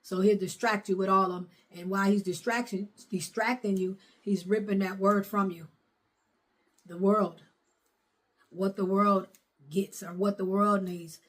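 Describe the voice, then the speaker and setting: A woman's voice: mid-range voice, fairly even intonation, unhurried. A middle-aged woman, preaching a sermon in a fervent, repetitive way. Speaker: prophetess preaching.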